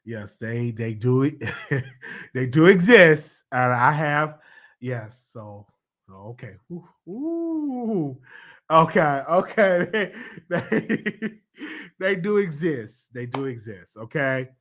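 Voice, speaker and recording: A man with a Southern US accent hosts his own show, offering casual solo commentary full of playful chat and laughing asides. His mid-range voice is animated and a bit bright, delivered at a slow pace.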